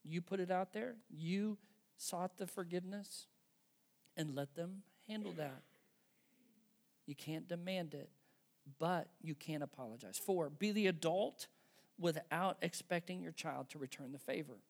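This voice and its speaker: Gravelly high-voiced man preaching. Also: a little slow. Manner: earnest, exhorting, talks straight to parents. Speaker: pastor. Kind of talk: sermon.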